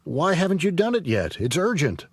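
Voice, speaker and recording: A man's voice: on the high side, big pitch swings, normal speed, slightly rough, no room sound, clean studio sound. Man sounding stern and businesslike. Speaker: course announcer and boss character. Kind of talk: scripted dialogue.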